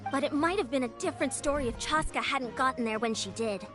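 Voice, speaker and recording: A woman's voice: high voice, fast talker, music in the background, natural voice. A woman voicing a game character, speaking plainly and matter-of-factly.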